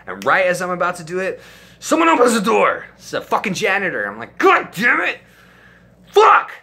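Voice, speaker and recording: A man's voice: high voice, big pitch swings, quick pace, pushed and bright. A young man telling a crude, profanity-heavy story in a casual storytime video. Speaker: storytime YouTuber.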